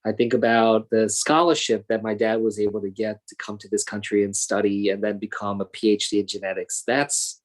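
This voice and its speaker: A man's voice: lowish voice, steady tone, fairly quick, few pauses. A man in his thirties speaking as a congressman and guest in a panel conversation, earnest and thoughtful, with frequent fillers and restarts. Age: 30s.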